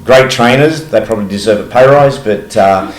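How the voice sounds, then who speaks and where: A man's voice: medium pitch, moderate pace, roomy sound, poor audio. A good-humoured Australian man appearing as a podcast guest, joking at his own expense and thanking the gym crew. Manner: good-humoured, self-deprecating.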